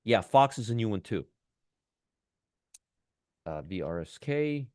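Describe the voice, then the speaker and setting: A deep-voiced man hosts a trading show in a loose, enthusiastic way, repeating words and breaking off phrases as he goes. His voice is close and dry, with no room sound around it. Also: big pitch swings, slow pace, darkish tone, no echo. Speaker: stock trading show host. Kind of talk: casual market commentary.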